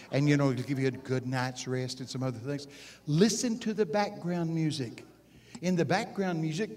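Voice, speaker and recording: A man preaching at a conference, folksy and animated, swinging from hushed asides to loud exclamations and asking the audience questions. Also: a little high. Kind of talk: conference sermon. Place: live conference session before an audience.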